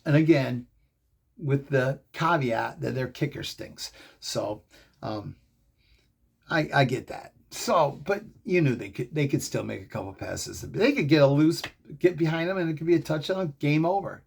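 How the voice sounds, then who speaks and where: Excitable gravelly middle-aged man. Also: a little high, normal speed. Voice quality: gravelly, husky. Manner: excitable, rambling storytelling. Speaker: fan show host. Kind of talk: casual fan commentary.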